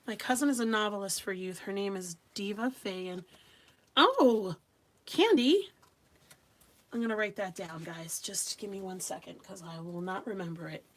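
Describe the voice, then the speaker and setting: A woman's voice: mid-range voice, lively intonation, normal speed. A woman hosting a live craft stream, chatting casually with viewers and reading their comments aloud as she works. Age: adult with young children. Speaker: craft livestream host.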